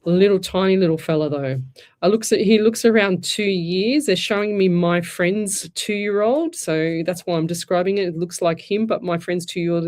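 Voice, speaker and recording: A woman's voice: on the low side, darkish tone. A woman with an Australian accent hosting a live radio show, giving rambling, chatty psychic readings with many restarts. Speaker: psychic medium radio host.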